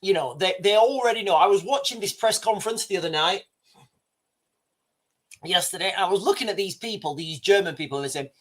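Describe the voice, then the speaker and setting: Talking straight to his audience, a livestream host rambles through his commentary, often starting over mid-thought. His voice is high and his pace brisk.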